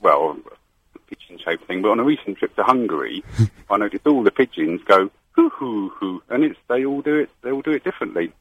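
A man's voice: on the low side, expressive, brisk, breathy edge, no echo, narrow, tinny audio. A man calling in to a radio show, hesitant and full of ums, with a sheepish laugh. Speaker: radio caller. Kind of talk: phone-in call.

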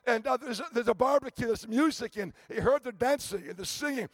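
A man's voice: very high-pitched, lively intonation, brisk, hardly any pauses, no room sound, studio quality. A man preaching a sermon as a visiting preacher, telling stories emphatically with frequent restarts and stammers.

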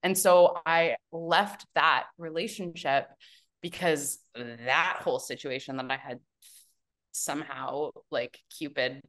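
Woman guest, low-ish voice, casual storyteller, chatty with fillers and laughs. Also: steady tone, slow pace, a bit bright. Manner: chatty, many fillers and restarts, bursts of laughter. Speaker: guest, business and mindset mentor.

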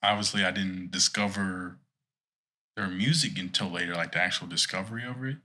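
A man with a slightly low, bright, forceful voice and a husky edge. He spins a rambling, playful tale in relaxed podcast chat. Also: a little fast. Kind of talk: casual chat.

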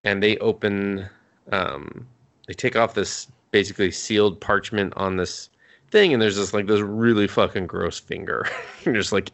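A man co-hosting a podcast casually recaps an anime at normal speed in a fairly low, fairly bright voice with fairly even intonation. He rambles, restarts often, fills gaps with fillers, and curses freely.

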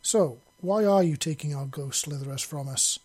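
A man's voice: fairly high pitch, moderate pace, darkish tone, husky. A man reading an audiobook, voicing an emotional female serpent-folk regent in a raised, exclaiming voice. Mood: earnest.

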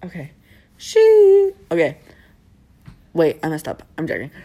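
A woman's voice: low voice, moderate pace, darkish tone, breathy edge. A young woman in casual chat with friends, rambling, giggly and sarcastic.

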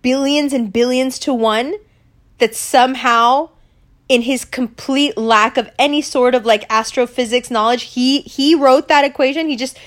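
Angry, cursing young woman podcaster. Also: a little high. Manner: angry, profane, emphatic ranting. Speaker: podcast host. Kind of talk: casual ranting podcast.

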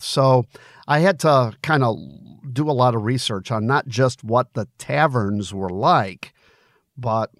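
A man's voice: lowish voice, no echo, clean studio sound. A man reading his own novel aloud, then chatting casually about it with many hesitations and fillers. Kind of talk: audiobook narration then casual commentary.

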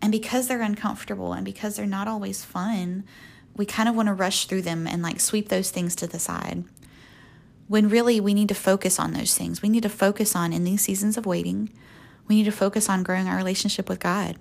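A young woman talks through a faith podcast in an earnest, folksy way. Her voice sits at a middling pitch with a gravelly fry under it. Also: fairly even intonation, brisk. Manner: earnest, folksy, with soft laughs. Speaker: podcast host.

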